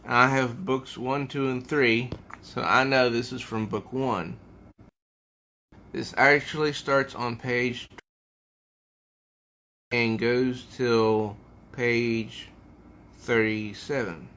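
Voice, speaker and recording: A man reviews a comic book in a relaxed, unhurried way and reads passages aloud as he goes. His voice is bright and forward, and he often pauses to think mid-sentence. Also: medium pitch, slight background noise. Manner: unhurried, musing, with hesitations.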